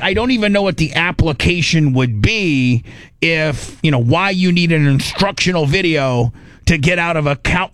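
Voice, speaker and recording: Animated middle-aged man telling a story. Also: a little high, no room sound. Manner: animated, acts out his inner voice. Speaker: radio show host. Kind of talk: casual storytelling chat.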